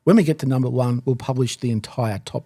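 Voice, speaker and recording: Male co-host, mid-pitched, casual swearing banter, dry studio sound. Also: fast talker, warm tone, dry recording. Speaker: podcast co-host.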